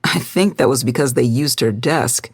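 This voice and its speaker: A woman's voice: very deep voice, normal speed, husky, no echo, heavily acted. A woman doing a playful, coaxing young man.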